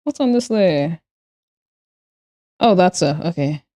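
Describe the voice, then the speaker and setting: A woman's voice: on the low side, expressive, slow, mellow. A young woman livestreaming as she draws, chatting playfully and answering her viewers' messages aloud. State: out of breath. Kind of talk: casual livestream chat while drawing.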